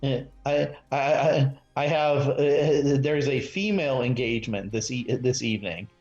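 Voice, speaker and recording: A man's voice: mid-range voice, moderate pace, a little mellow, faint music behind. A man playing a tabletop game, talking hesitantly with many restarts. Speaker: player. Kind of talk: casual tabletop role-play. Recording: echoey, dull lo-fi mic.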